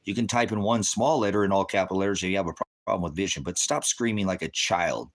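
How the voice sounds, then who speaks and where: Deep-voiced guy ranting at his stream chat, swearing nonstop, combative and dismissive. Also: fast talker. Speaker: livestream host of a ministry channel. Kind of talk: profane livestream rant answering chat.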